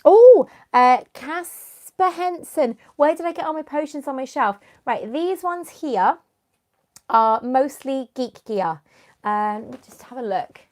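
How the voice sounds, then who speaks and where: A young woman hosts a live stream, talking in a loose, rambling way and greeting viewers by name. Her voice sits a little high, and she sniffs and clears her throat from a runny nose. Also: measured pace. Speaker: YouTuber hosting a live stream. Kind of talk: casual live-stream chat.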